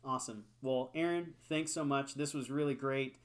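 A man's voice: mid-range voice, steady tone, normal speed. Upbeat chatty man co-hosting a podcast. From California. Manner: upbeat, chatty with many fillers. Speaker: podcast co-host. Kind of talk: casual chat.

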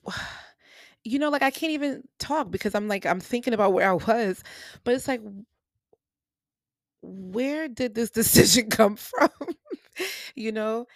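A woman's voice: a little high, expressive, a little slow, long pauses, dry recording, clean studio sound. A woman hosting a personal faith podcast, speaking earnestly and emotionally and repeating phrases for emphasis, with features. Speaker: podcast host. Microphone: podcast microphone.

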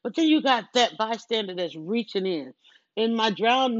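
A woman's voice: medium pitch, animated, moderate pace, no room sound, dull audio. Earnest woman sharing a personal story. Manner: earnest and rambling, with frequent restarts and asides to the listener. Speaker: mother telling a personal story. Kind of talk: casual personal storytelling monologue.

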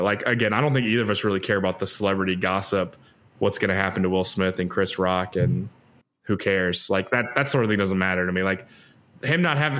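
A man hosting a casual podcast discussion, talking in an animated, opinionated way. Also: low-pitched. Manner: animated, opinionated, many "like" fillers.

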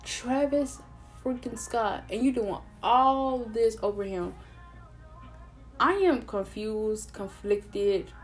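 Profane, rambling woman ranting casually. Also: medium pitch. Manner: profane, animated, rambling with many fillers and self-interruptions. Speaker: vlogger. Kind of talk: casual opinion rant to camera.

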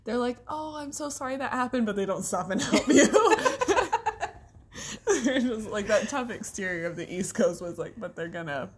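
A woman's voice: fairly high pitch, sing-song, moderate pace, a crowd in the background. A woman co-hosting a podcast in casual chat, laughing often as she talks. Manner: giggly, laughs often while talking. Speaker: podcast co-host.

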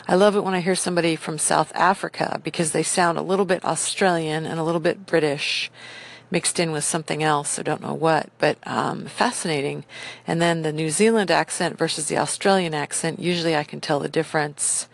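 A middle-aged woman with a low voice and a gravelly fry rambles enthusiastically in a casual monologue. She fills her talk with ums and uhs and drifts from one thought to the next. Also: steady tone, fairly quick. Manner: rambling, enthusiastic, many fillers.

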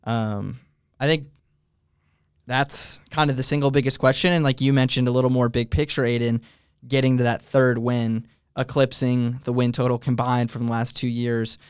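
Young man hosting a relaxed sports chat. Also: mid-range voice, clean tone, dry recording, studio quality. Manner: thoughtful, fills pauses with "um". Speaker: host. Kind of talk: casual sports talk.

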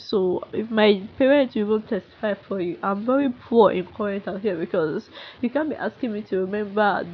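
A young woman with a Nigerian accent, speaking in a frustrated, halting monologue full of restarts and sighs. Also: medium pitch, breathy edge, muffled recording. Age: young adult. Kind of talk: emotional unscripted monologue.

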